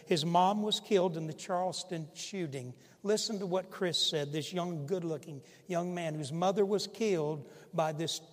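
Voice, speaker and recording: A man preaching a sermon as pastor, impassioned, swinging from loud pleading to hushed emphasis. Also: fairly high pitch, long reverb tail.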